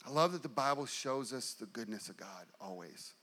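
A middle-aged male pastor delivering a sermon, building intensity through repeated phrases and slowing down for emphasis. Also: medium pitch, lively intonation, fairly bright tone. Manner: preaching with rising and falling intensity, repetitive emphasis.

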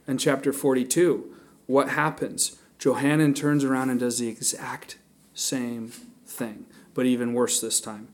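A man at a middle pitch, teaching through a chapter of scripture in a relaxed, conversational sermon. He thinks aloud, stumbles into restarts and fillers, then slows down to read the verses. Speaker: Bible teacher.

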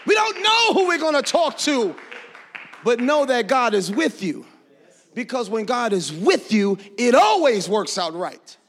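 A preacher delivering a fervent sermon in church, worked up, breaking into shouts and laughter. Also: male voice, very high-pitched, sing-song, unhurried.

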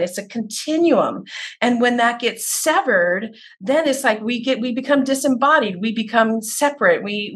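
A woman who teaches herbalism, talking earnestly in a podcast conversation and telling stories about her students. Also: on the high side. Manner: earnest, animated storytelling with acted quotes.

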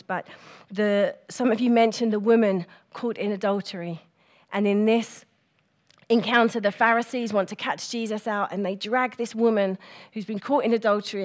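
A middle-aged woman giving a personal, reflective church talk, speaking gently with pauses and fillers. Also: medium pitch.

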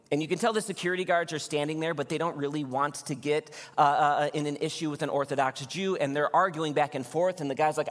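A male pastor preaching a sermon, telling a personal story in a lively storytelling manner before reading scripture. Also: a little high, brisk. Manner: storytelling, animated when recounting anger. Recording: long hall reverb.

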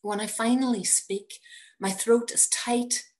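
A woman reading her own personal story aloud in a measured, wry manner. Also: on the high side, fairly even intonation, a little mellow. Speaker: narrator.

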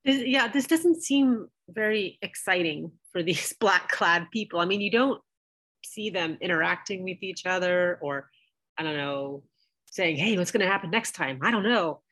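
A woman's voice: lowish voice, lively intonation, measured pace, fairly bright tone. Questioning woman podcaster, light laughs. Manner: asks questions, laughs lightly between remarks. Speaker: podcast co-host. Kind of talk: casual chat.

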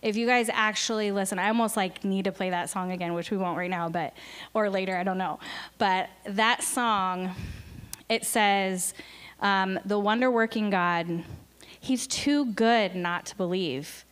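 A woman's voice: mid-range voice, measured pace, fairly bright tone, clear, resonant tone. A woman speaking in church as a missionary, telling an emotional story earnestly, with fillers. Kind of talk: church talk.

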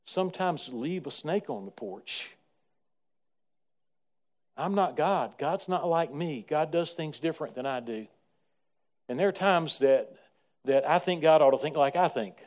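A man, preaching a sermon in repetitive rhythmic phrases and swinging between quiet asides and loud, emphatic passages. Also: a little high. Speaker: pastor.

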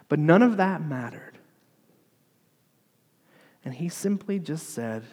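A male pastor delivers a sermon as dramatic storytelling, slipping into near-whispers and then building to louder passages. His voice sits a little high for a man. A long reverb trails every phrase, as in a large hall. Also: normal speed. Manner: dramatic storytelling, dropping to a hush for quoted words, rising for crowd lines.

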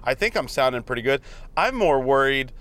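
Smooth-voiced man chatting from his car. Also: medium pitch, animated, fairly quick, fairly bright tone. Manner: jokey, rambling, easily sidetracked. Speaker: podcast co-host. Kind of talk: casual chat. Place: in a car while driving. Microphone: studio dynamic mic.

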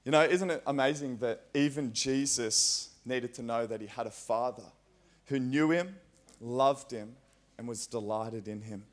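Australian male preacher, mid pitch, earnest and chatty delivery, church setting. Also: a little slow. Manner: conversational, earnest, frequent fillers. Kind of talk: sermon.

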